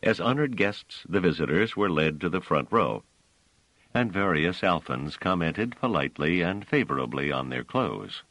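A man narrating an audiobook with expressive storytelling. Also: low-pitched, normal speed, no room sound, rough recording. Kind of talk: scripted narration.

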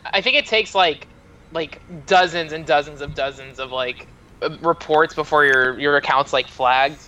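A man's voice: fairly high pitch, moderate pace, sharp tone, highs cut off, a little hiss or hum. A man in casual podcast chat, hedging with many fillers. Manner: hesitant, filler-heavy.

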